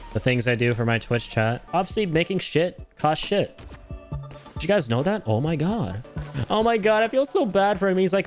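A man streaming a video game, reacting loudly to his chat, swearing, laughing and yelping in surprise. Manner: excitable, swears, frequent laughs and sudden high yelps.

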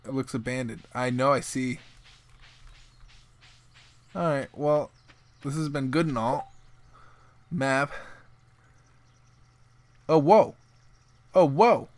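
A man giving casual, excitable commentary while playing a video game, often bursting into loud exclamations. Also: mid-range voice, slow, long pauses, dry recording. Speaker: let's play host.

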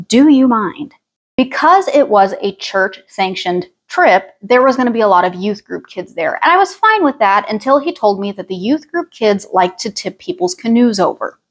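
A woman's voice: mid-range voice, expressive, moderate pace. Gal in her 20s spilling a storytime, wry little asides, easygoing mid voice. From Ozarks, United States. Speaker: vlogger. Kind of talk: storytime vlog.

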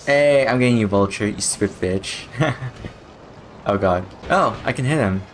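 A young man commenting on a video game as he plays, excitable and profane, laughing often. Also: on the low side, moderate pace, soft background music. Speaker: gaming YouTuber. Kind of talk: let's play commentary.

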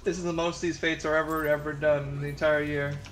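A man's voice: a little high, little pitch movement, fairly quick, soft background music. A man chatting casually with friends while playing an online game, rambling and restarting his sentences. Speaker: gamer in voice chat. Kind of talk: casual chat while gaming.

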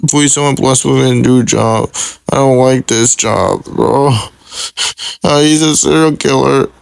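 A man's voice: on the low side, animated, measured pace, gravelly, no echo. A man playing a sad, stressed young male hero who rambles and repeats himself in a casual fan roleplay. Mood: gloomy.

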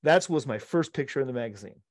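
A middle-aged man, a podcast co-host, telling an animated story among friends, laughing often and acting out the quotes. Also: medium pitch, quick pace, no echo, studio quality.

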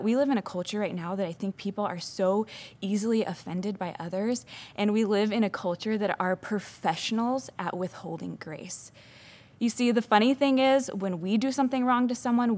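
A woman's voice: mid-range voice, darkish tone. A young adult woman, a children's pastor, giving an earnest, chatty devotional talk full of casual fillers.

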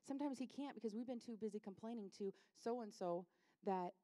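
In a church sanctuary, a woman pastor preaches a conversational, impassioned sermon, acting out the voices of people and Jesus and dropping to near-whispers at tender moments. Her voice is on the high side, brisk, and mellow.

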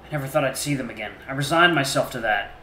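A man reading a soft, halting young man. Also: medium pitch, roomy sound, a little hiss or hum, close to an everyday voice, rough recording. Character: emotional young man remembering lost family.

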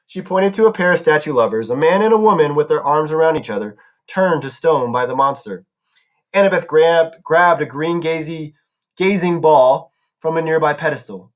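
A man's voice: on the high side, lively intonation, moderate pace. A man reading a novel aloud as a narrator, now and then correcting himself. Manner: narrating with some self-corrections. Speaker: audiobook reader.

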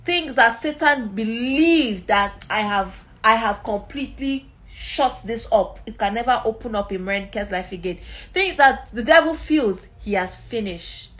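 A woman's voice: a little high, lively intonation, measured pace, fairly bright tone. A woman preaching and leading prayer with emphatic delivery, breaking into tongues. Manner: emphatic, prays aloud in tongues. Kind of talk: sermon and prayer.

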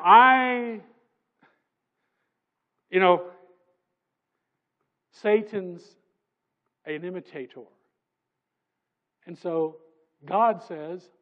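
A man preaching a sermon in a church, emphatic and conversational, swinging from loud passages to soft asides. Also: on the high side, muffled recording. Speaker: pastor. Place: church sanctuary.

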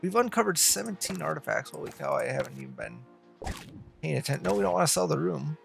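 Brief: male let's-play host, gravelly fry, lively pitch, musing aloud at his game, soft game music under him. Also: fast talker. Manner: thinking aloud, chatting to the game's students. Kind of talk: casual gameplay commentary.

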